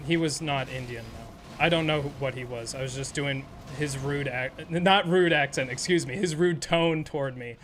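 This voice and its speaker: A man's voice: medium pitch, moderate pace, hardly any pauses, a bit bright, slight background noise. A man streaming a game and telling a rambling, profane, sarcastic story in casual chat. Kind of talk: casual storytelling while gaming.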